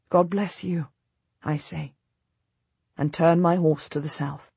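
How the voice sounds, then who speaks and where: A woman narrating a historical audiobook in the first person, measured and storytelling. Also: lowish voice, steady tone, gravelly, dark tone, husky, dry recording.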